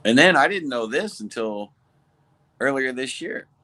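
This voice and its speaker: A man co-hosting a podcast, telling stories in an easygoing, relaxed way. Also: medium pitch, a little slow. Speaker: podcast co-host. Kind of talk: casual chat.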